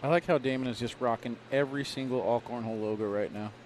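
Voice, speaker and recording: A male color commentator banters through a cornhole match at a mid-level pitch. His delivery is relaxed and jokey, mixing stats with teasing remarks. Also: quick pace, slight background noise. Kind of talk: casual sports commentary.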